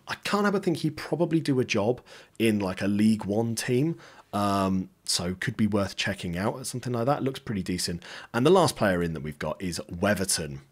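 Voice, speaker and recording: A man talking through his football management save in a casual, upbeat way, throwing in jokey asides as he goes. His voice sits fairly low and moves a lot, bouncing up and down in pitch. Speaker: gaming YouTuber. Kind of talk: casual game commentary.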